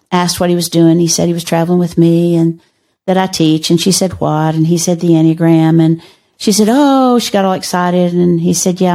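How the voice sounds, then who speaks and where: An older woman speaks as a podcast guest. Her voice is low and warm, with a gravelly fry, and she tells stories in a measured, dry-humored way. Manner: measured and wry. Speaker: podcast guest, teacher and author. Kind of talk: conversational storytelling.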